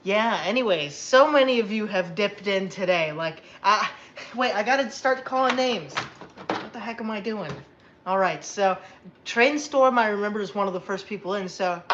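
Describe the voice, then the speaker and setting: A tired woman hosting a casual livestream, chatty and rambling and quick to get excited. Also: medium pitch, highs cut off, noisy background. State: tired after a long day. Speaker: livestream host.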